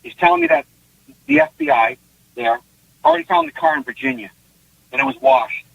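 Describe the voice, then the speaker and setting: A Canadian guest psychic with an extremely high, creaky voice talks briskly through a long case story in a casual interview. He's animated, acts out the lines he quotes, and restarts sentences; the online call audio is dull and lo-fi with no room sound.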